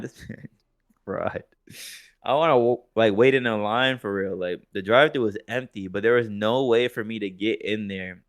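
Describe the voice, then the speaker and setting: A man's voice: fairly low pitch, normal speed, clear, resonant tone, no echo, studio quality. A man co-hosting a podcast, telling a story in casual chat, swearing freely and laughing often. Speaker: podcast co-host.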